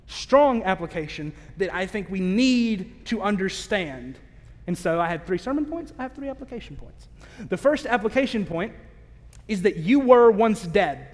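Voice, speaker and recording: A man preaching a sermon in a candid, conversational way, with self-aware asides and slow, emphatic stress on key phrases. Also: a little high. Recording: long reverb of a large hall.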